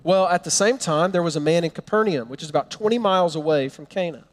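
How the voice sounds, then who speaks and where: A man preaching a sermon, telling a Bible story with animated storytelling and acting out the characters' lines. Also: a little high, fast, in a large hall. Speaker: pastor.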